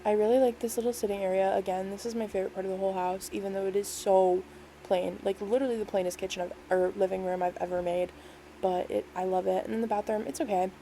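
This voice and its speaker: A woman's voice: medium pitch, steady tone, quick pace, mellow, slight background noise, rough recording. A woman casually narrating a voice-over walkthrough of a game build, rambling and easygoing, with lots of "like" and "um". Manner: rambling, filler-heavy, lots of "like" and "um"; self-deprecating, easygoing.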